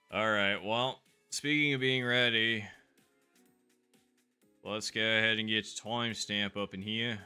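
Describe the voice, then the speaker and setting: Low-voiced guy streaming, rambles a lot, super bright tone, faint music behind. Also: smooth. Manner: rambling, chatty, with frequent fillers and self-asides. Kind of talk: casual live-stream chat over a game.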